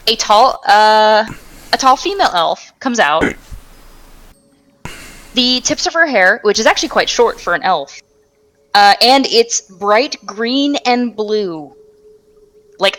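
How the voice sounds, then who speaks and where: Woman, game master, narrating a tabletop game, casual, chatty, halting restarts. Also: medium pitch, fairly bright tone. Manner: chatty, many ums and restarts.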